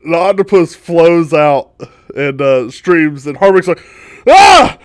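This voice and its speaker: Game master, mid-pitched, giggly halting narration, dry close mic. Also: a little mellow, clean tone, no echo.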